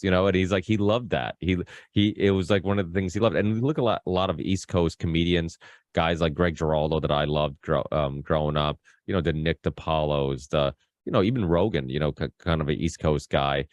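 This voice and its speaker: A man's voice: low voice, brisk, dry recording, clean studio sound. A man hosting a podcast in casual, rambling chat, full of restarts and fillers and freely swearing. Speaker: podcast host.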